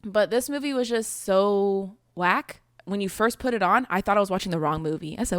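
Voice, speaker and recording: A woman's voice: mid-range voice, brisk, few pauses, clear, resonant tone, dry recording, clean studio sound. A young woman co-hosting a casual podcast chat, blunt and laughing often as she swears through her opinions. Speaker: podcast co-host.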